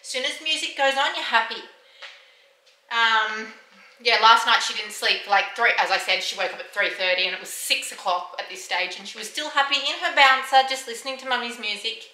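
A woman's voice: on the high side, a little fast, pushed and bright, rough recording. A young woman chatting casually in a vlog while tending her baby, often slipping into coaxing sing-song talk to the infant, recorded on a phone in a bedroom. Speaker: vlogger, mother of a baby. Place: baby's bedroom, indoors. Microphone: phone camera held by hand.

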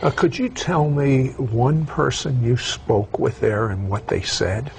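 A man interviewing a guest, asking gentle, probing questions. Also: mid-range voice, lively intonation, slow, creaky, noisy background.

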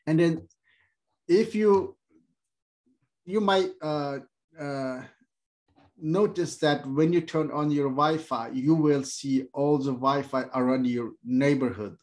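Brief: male tech instructor, slightly high voice, halting delivery full of "uh", explains with everyday comparisons. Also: darkish tone. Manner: plain halting explanation with many fillers, acts out devices in quotes. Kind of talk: screen-share tech lesson.

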